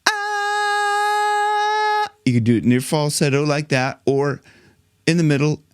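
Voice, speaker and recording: A man's voice: mid-range voice, steady tone, normal speed, a little mellow, smooth, no echo, studio quality. A middle-aged man from Ohio, a vocal coach who talks casually, restarts sentences often and breaks into sung and gasping demonstrations. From Ohio, United States.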